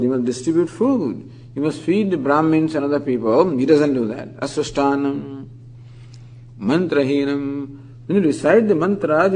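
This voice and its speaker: Man teaching scripture, slightly higher voice. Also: darkish tone, rough recording. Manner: explanatory, reciting Sanskrit terms slowly, then expanding in English. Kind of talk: scripture lecture.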